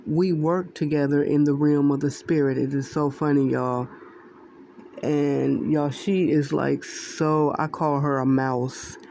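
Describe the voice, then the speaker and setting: A woman's voice: low-pitched, creaky, dark tone, slight background noise. A woman casually sharing a spiritual dream with her viewers, rambling, repeating herself and laughing often. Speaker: Christian video creator sharing dreams.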